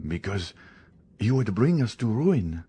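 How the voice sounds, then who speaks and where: A man's voice: fairly low pitch, very animated, a little slow, dark tone, husky, heavily acted. A man reading the part of a frightened, evasive escaped convict pleading with a priest in an audiobook.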